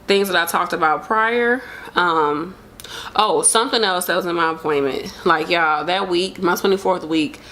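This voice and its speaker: A young woman updates viewers on her pregnancy, chatting casually and emotionally to camera and rambling with lots of filler words. Her voice sits on the low side, a bit bright, at a moderate pace.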